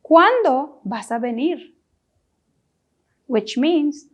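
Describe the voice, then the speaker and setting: Her voice is high and slightly rough, with big swings in pitch. She's from Guyana and teaches a language lesson in a slow, deliberate way, drilling every question word and asking the listener to say it back.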